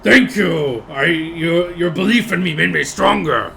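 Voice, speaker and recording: A man voicing a brawny male orc arm-wrestler who talks in simple, broken phrases, loud and gruff. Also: fairly high pitch, expressive, a little slow, a little hiss or hum, voice pushed up, heavily acted.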